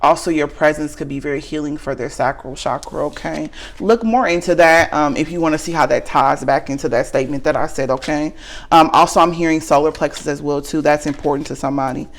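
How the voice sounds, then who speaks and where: A woman's voice: low voice, a little fast. A woman with a light Southern US accent talks through a tarot spread in a loose, unscripted way. She speaks frankly and earnestly to the viewer and keeps checking in with a rising "okay?" after nearly every thought. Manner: tags nearly every sentence with a questioning okay. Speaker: tarot reader. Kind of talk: casual tarot reading to camera.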